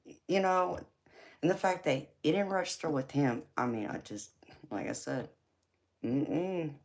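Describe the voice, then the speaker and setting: A woman hosting a live stream, casually telling a personal story in an animated way, swearing freely and laughing as she talks. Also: sits low, measured pace. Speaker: tarot reader and live stream host.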